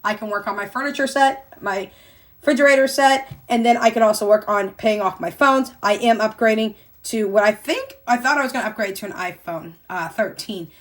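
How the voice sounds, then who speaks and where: An older woman from Missouri talking casually to her viewers about her monthly budget, chatty and addressing them as "y'all", getting excited as she retells things. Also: medium pitch, a little fast. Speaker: budgeting vlogger.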